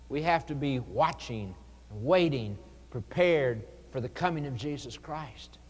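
A man delivers an earnest, pleading sermon at a slow, deliberate pace, his mid-range voice sounding like an ordinary man's. Long reverb from a large church hall trails after each phrase. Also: mid-range voice, lively intonation, husky. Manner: earnest, pleading evangelistic preaching with dramatic pauses. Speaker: preacher.

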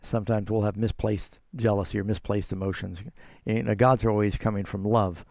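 A man's voice: fairly low pitch, level tone, brisk, gravelly, darkish tone, no echo, clean studio sound. A man hosting a call-in radio show as a pastor, earnestly explaining and quoting scripture. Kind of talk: call-in radio Bible answers.

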